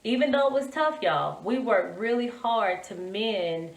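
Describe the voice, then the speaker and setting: A woman co-hosting a relationship podcast with her husband, animated and encouraging, with many restarts. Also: mid-range voice, measured pace, creaky. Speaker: podcast co-host. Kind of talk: casual chat between spouses. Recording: roomy echo, distant mic.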